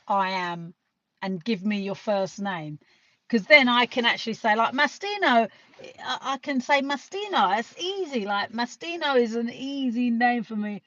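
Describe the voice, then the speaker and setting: A woman's voice: on the high side, fairly bright tone. A British woman from the UK chatting casually on a live stream, rambling and swearing now and then. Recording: dull lo-fi sound.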